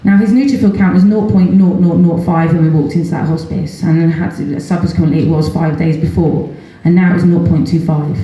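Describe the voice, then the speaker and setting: At a festival seminar in a large, echoey event hall, a woman shares her personal story as the mother of a patient. Her voice is fairly low and mellow, and she speaks earnestly and candidly, with nervous laughs and many ums.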